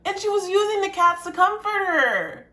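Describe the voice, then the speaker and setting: A woman's voice: very high-pitched, sing-song, moderate pace, sharp tone. A woman poet reacting to a song in a casual video, emotional and repeating her phrases.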